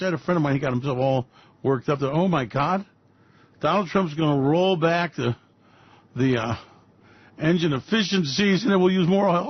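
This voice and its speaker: A man's voice: high voice, husky, dry recording. A man hosting a radio show, ranting about markets in a profane, sarcastic way. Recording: dull dry lo-fi recording.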